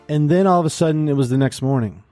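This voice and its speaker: A man's voice: fairly high pitch, fast talker, faint music behind. A man telling a funny story as a podcast guest, laughing now and then. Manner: deadpan anecdote, laughs.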